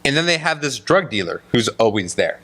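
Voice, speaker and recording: A man co-hosting a casual podcast, telling stories in a rambling, animated way from a small room. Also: mid-range voice, fairly quick. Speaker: podcast co-host. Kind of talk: casual chat.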